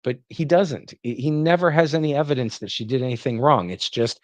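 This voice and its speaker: A man's voice: medium pitch, fairly quick, no room sound. A man giving reaction commentary, sarcastic and indignant as he rants.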